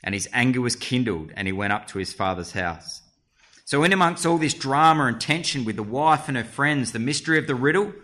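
A man's voice: mid-range voice, sharp tone. A man teaching a Bible study, reading scripture aloud and explaining it earnestly with rhetorical questions.

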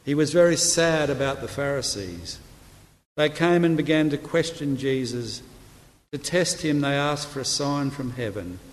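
Preacher, New man, unhurried measured sermon delivery, long church-hall reverb. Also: medium pitch, animated. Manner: slow, measured reading with quiet, soft delivery of quoted words. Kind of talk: sermon with scripture reading.

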